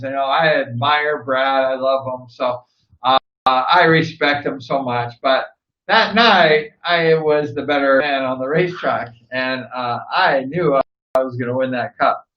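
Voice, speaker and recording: Male host from Southern California, lively storyteller who laughs a lot; bright, forward tone in a roomy, muffled room. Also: on the high side. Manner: animated, laughs often, acts out past dialogue. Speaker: host, former motorcycle racer. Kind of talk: casual storytelling to camera.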